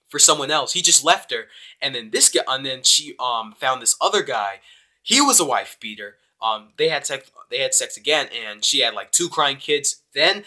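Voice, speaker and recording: A young man giving a casual, rambling, excitable spoken review of an anime episode. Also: mid-range voice. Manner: excitable, rambling, with many fillers.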